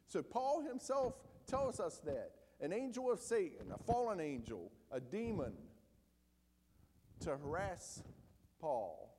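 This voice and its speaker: A man preaching a sermon emphatically, pushing some lines up loud and dropping others low and quiet. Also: huge pitch swings, slow pace, background noise. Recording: long hall reverb.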